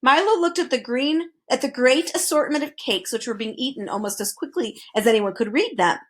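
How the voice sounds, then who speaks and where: A woman narrating a children's storybook aloud. Her reading is lively and animated, with wide swings in pitch and a fairly high voice. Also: a little fast.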